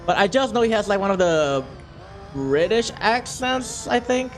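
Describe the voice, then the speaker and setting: A man's voice: sits high, animated, unhurried, faint music behind. A man casually chatting to his chat while playing a racing game on a stream, jokey and a bit profane.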